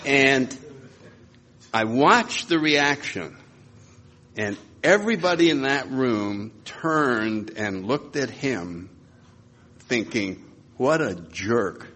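A man telling lively, chuckling stories to a live audience. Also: medium pitch, slow, slight background noise. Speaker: speaker sharing recovery stories.

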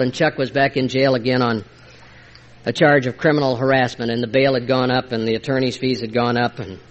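An older man sharing a heartfelt personal testimony at a recovery meeting, moving between hushed and emphatic delivery. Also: medium pitch, highs cut off. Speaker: speaker sharing his recovery story.

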